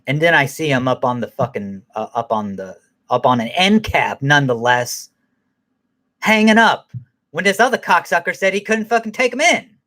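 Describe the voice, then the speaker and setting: A man's voice: a little high, big pitch swings, moderate pace, pushed and bright. Profane ranting man. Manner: angry, profane, rambling, laughs at himself. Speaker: podcast host. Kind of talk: profane casual rant.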